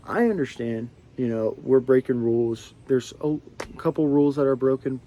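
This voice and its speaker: This is a young man in his twenties, a vlogger ranting to the camera. He rambles with lots of fillers and restarts, in a warm, mid-range voice.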